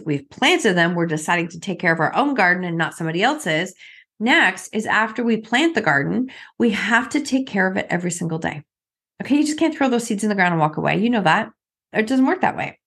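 A woman's voice: medium pitch, lively intonation, fairly quick, a bit bright, husky. A middle-aged woman coaching her listeners through a motivational talk. She speaks in an earnest way and keeps putting questions to them, with her voice sitting in a middle range.

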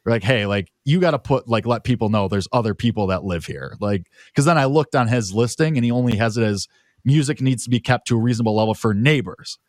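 A man telling a long story in a relaxed, rambling way, stacking filler words as he goes. His voice sits in an ordinary middle range and sounds close and dry, with no room around it. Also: mid-range voice, quick pace, dry recording. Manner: rambling anecdote full of "like" fillers. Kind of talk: casual chat.

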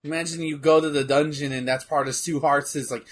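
A young man chatting casually while watching wrestling, animated and rambling, with lots of fillers and swearing. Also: a little high, a little fast. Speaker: co-commentator.

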